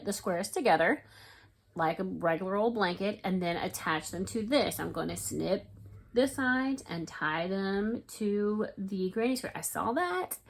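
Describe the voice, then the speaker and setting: Woman, crochet vlogger, casual chat, excitable, rambling, mid pitch. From Florida, US. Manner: excitable, rambling, talks to viewers as y'all.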